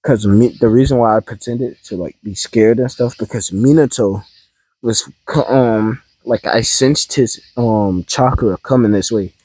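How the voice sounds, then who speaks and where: A man's voice: mid-range voice, measured pace, dark tone, slightly rough, no echo, poor audio. A man casually improvising a fan-fiction story, rambling and hesitant with many ums and restarts.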